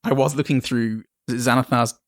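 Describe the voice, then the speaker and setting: A man's voice: medium pitch, fairly even intonation, moderate pace, no echo, studio quality. A man from the United Kingdom, a player on a tabletop game podcast, chatting casually in a rambling way with many restarts and laughs. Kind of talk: casual chat.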